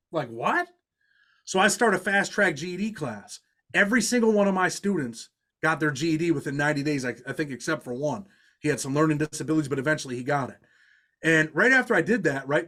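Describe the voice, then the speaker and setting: A man's voice: on the high side, fairly bright tone. A middle-aged man with a New York accent, a podcast guest telling long stories in an earnest, street-talking way, full of "you know" and restarts. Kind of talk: storytelling in a podcast interview.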